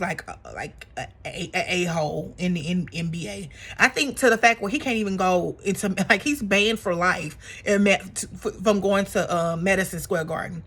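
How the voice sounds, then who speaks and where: A woman recapping a reality TV episode in a casual, gossipy vlog, animated and chatty, with plenty of fillers. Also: medium pitch, husky. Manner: animated, acts out quotes in exaggerated voices; chatty with frequent fillers and laughs.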